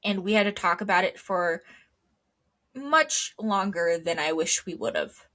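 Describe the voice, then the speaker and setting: A woman's voice: fairly low pitch, animated, measured pace, fairly bright tone. A young woman co-hosting a casual podcast, rambling with lots of ums and wry asides. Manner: rambling, filler-heavy, wry. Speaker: podcast co-host. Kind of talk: casual chat.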